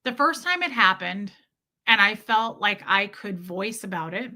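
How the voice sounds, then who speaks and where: A woman frankly telling a painful personal story, uneasy and halting at times, with some swearing. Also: medium pitch, lively intonation, bright, forceful tone. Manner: uneasy, halting and self-correcting.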